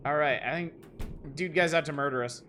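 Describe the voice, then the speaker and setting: A man's voice: a little high, brisk, bright, forceful tone, slight background noise. A man commentating a game on a live stream, wry and joking, swearing when startled. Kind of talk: live let's-play commentary.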